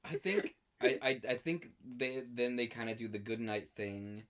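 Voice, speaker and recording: A woman's voice: a bass voice, expressive, normal speed, a bit bright. A woman co-hosting a casual podcast, recapping a TV episode with dry, wry commentary and laughs. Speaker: podcast co-host.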